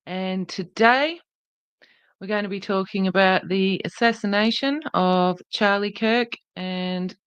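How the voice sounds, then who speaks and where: A woman's voice: medium pitch, slow pace, smooth, no echo. A woman hosting a podcast livestream in a casual, chatty way, greeting viewers by name and speaking earnestly and indignantly. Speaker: podcast host.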